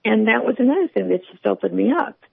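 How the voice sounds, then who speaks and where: A woman calling in to tell her faith story in an earnest, halting way. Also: fairly high pitch, lively intonation, vocal fry, husky, dry recording. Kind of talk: personal faith testimony. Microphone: phone. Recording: tinny phone line.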